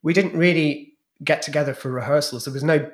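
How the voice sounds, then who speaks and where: With a slightly high voice and a brisk pace, a man guesting on a podcast interview tells animated, frank and bawdy stories. He was once a club DJ and drag performer, and the tales cover his past stage acts.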